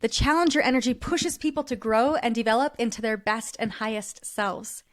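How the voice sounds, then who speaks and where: A woman's voice: a little high, normal speed, no echo, studio quality. A woman hosting a personal-growth podcast, telling a personal story in an earnest, reflective way with light laughs. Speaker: podcast host.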